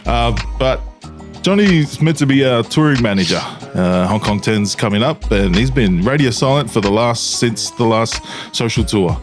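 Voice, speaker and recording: Hesitant Australian bloke on a podcast. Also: male voice, mid-range voice, expressive, normal speed, soft background music. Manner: hesitant, lots of fillers, swearing. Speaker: podcast co-host. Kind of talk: casual banter.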